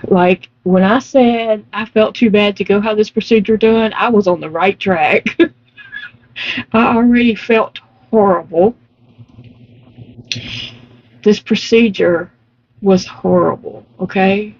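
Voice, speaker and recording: Slow-talking woman, muffled sound. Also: medium pitch. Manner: slow storytelling, emphatic, laughing often. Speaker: vlogger. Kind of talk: casual chat while crocheting.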